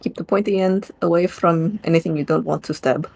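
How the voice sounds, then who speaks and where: A woman's voice: fairly low pitch, fairly quick, vocal fry, darkish tone. A woman narrating her character's actions in a tabletop game, rambling with laughing asides. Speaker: player. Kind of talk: tabletop role-play narration.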